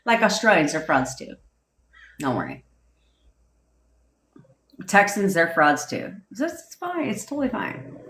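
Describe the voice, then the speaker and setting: Woman, low voice, lively swooping pitch, profane, rambling, laughs a lot, echoey room. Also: slight background noise. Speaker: manifestation coach. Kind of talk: casual livestream chat answering comments.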